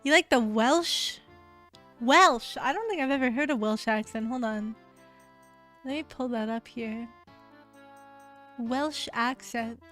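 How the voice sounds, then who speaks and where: A woman's voice: a little high, slow pace, pauses often, a bit bright, soft background music. An American woman streaming, chatting casually with her viewers in a rambling way, full of fillers. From United States.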